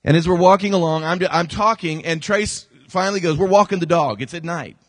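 Fairly quick and a little high, this man's voice carries a sermon with no room sound. He's a pastor telling animated stories, acting out quotes and repeating phrases.

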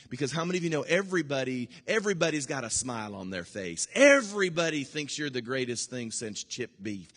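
A male pastor preaching a sermon, emphatic and repetitive, swinging between loud bursts and hushed asides. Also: on the high side, big pitch swings, brisk, hardly any pauses. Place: church sanctuary. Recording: long hall reverb.

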